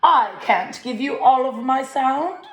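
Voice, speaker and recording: A woman voicing a proud, kindly male rooster who calls out loudly and urgently, in a storybook read-aloud. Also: sits high, expressive, slow, roomy sound, voice pushed up.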